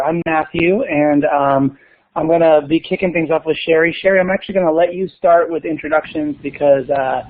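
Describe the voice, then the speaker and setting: A man's voice: fairly high pitch, fairly even intonation, fairly quick. Upbeat man on a tinny line. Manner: upbeat, enthusiastic, joking. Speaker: school librarian and podcast host. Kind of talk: conference webinar presentation.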